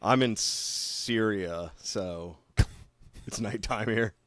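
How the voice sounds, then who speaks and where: A man co-hosting a comedy podcast, telling absurd spy stories in a deadpan way between laughs. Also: on the low side, very slow, no room sound, clean studio sound. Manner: deadpan tall tales with laughs. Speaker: podcast co-host. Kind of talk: improvised comedy banter.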